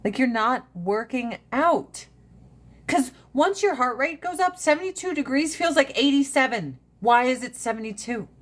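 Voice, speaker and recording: A woman's voice: sits high, expressive, moderate pace. A woman hosting a casual livestream chat, blunt and profane, rambling from one rant to the next. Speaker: livestream host.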